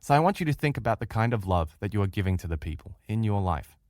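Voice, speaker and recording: A man's voice: fairly low pitch, big pitch swings, fast talker, a little mellow, no echo, clean studio sound. A middle-aged man with an Australian accent teaching a relationship course in an earnest, emphatic way, speaking straight to his listeners. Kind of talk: recorded lecture.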